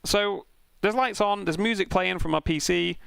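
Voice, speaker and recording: A young man tells a long, animated story between laps, swearing and poking fun at himself. His voice sits a little high and has a gravelly edge. The sound is dry and close, with no room around it. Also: moderate pace, dry recording. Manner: animated, swearing, self-mocking anecdote with laughs. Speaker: sim racing streamer. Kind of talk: casual storytelling while streaming.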